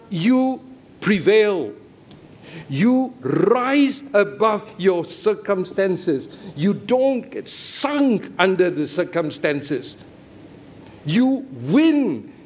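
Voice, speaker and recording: A middle-aged man preaching a sermon, emphatic and often checking that listeners follow him. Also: high voice.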